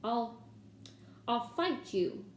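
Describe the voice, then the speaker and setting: A woman's voice: on the high side, very animated, very slow, recorded from a distance, slight background noise, full character voice. A woman reading a timid, stubborn schoolboy. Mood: defiant. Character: nervous stubborn schoolboy, timid but brave. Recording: echoey room.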